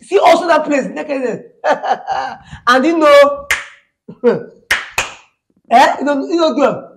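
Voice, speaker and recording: A woman with a Nigerian accent acting a gossipy, excitable neighbor in a comedy skit, stammering, laughing through her words and mixing in pidgin. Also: high voice, takes it slowly, vocal fry, noisy background, heavily acted. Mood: excited. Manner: stammers, laughs mid-sentence, mixes pidgin. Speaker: comic skit actor.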